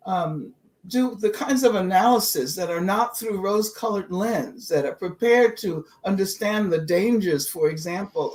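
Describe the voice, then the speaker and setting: Reflective woman speaking on a panel. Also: medium pitch. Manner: reflective, with repeated restarts. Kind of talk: panel discussion. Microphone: video call.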